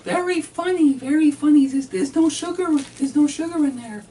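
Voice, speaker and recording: A man doing a shrill, scolding woman. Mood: exasperated. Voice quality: shrill and loud. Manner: slow, clipped nagging delivery. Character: scolding adult woman, sharp and exasperated. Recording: distant mic, faint noise.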